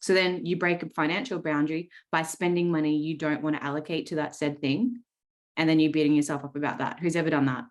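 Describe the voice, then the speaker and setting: An Australian woman in her thirties runs a live coaching call, speaking bluntly and swearing without pause. Her voice sits low and deep, and she keeps tagging her points with "right?" to pull the group in. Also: steady tone. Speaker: trading coach. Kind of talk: live coaching session talk.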